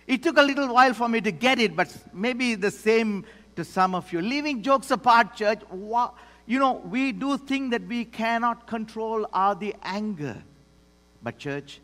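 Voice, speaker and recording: High-voiced male pastor preaching. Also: animated, moderate pace. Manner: emphatic preaching, swings between loud declarations and hushed asides. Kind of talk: sermon. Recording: long hall reverb.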